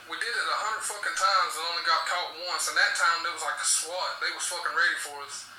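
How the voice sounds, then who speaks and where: A young man hosts a casual podcast chat, telling crude stories and laughing often. His voice is very bright and sits a bit high. It sounds distant and roomy, with a faint hiss underneath. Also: steady tone, fast. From southwest Virginia.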